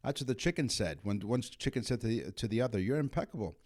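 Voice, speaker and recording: A man's voice: mid-range voice, animated, fast talker, darkish tone. A middle-aged man from Canada co-hosting a trivia podcast, reading facts and cracking puns in casual chat. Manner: jokey, reads trivia with puns. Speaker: podcast co-host.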